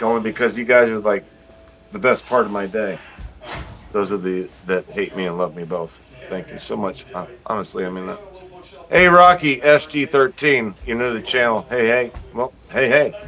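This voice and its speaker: A man hosting a livestream, reading chat comments aloud and teasing viewers in a profane, joking way, swinging from loud bursts to low mutters. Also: rough recording.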